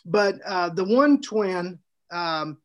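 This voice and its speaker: A man co-hosting a podcast, telling a story in a casual, animated way, laughing often and restarting his sentences. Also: high-pitched, takes it slowly, muffled recording. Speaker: podcast co-host and author.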